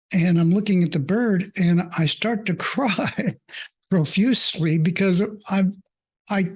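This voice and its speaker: With a high voice, a male mindfulness coach recounts something personal, pausing and stumbling through lots of fillers as he reflects. He's earnest and lets his emotions show openly.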